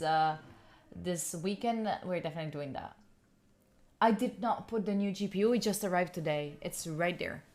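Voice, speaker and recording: Chatty young woman hosting a study stream. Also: medium pitch. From Italy. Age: young adult. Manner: chatty, giggly, answers chat questions aloud. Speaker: study livestream host. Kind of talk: casual chat with live viewers. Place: room at home.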